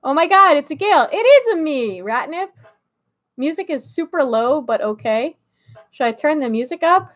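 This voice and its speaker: A woman's voice: high voice, animated, normal speed, fairly bright tone. A woman streamer chatting casually with her live chat, bubbly and laughing often.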